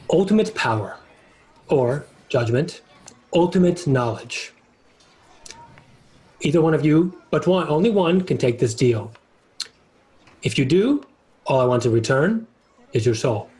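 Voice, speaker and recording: A man voicing a sly male devil who offers soul-bargains in a low, slow, hushed tone. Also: expressive, lightly acted. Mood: scheming. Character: scheming male devil dealmaker, sly and calm.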